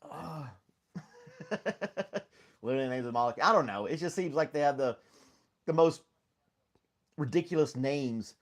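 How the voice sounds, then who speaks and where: A man's voice: fairly high pitch, lively intonation, normal speed, long pauses. A middle-aged man hosting a casual live stream chat, talking in a rambling, easygoing way and laughing often as he reads viewer comments.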